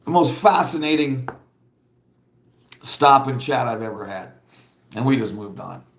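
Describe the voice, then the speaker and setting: A man's voice: mid-range voice, expressive, measured pace, gravelly, reverberant, a little hiss or hum. A man hosting a casual livestream, chatting bluntly and rambling, laughing often and reading viewer comments aloud. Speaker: livestream host.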